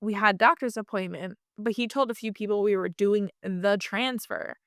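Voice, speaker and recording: Chatty woman telling a story, clear voice. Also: medium pitch, normal speed, no echo, studio quality. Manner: chatty, animated, lots of fillers and restarts. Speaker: guest. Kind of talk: casual storytelling interview.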